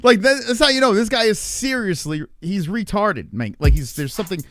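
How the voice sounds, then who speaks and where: A man hosting a livestream, loud and profane, reacting to a clip and talking to his chat. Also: high-pitched, animated, a little fast, soft background music. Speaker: livestream host. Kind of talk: casual livestream commentary.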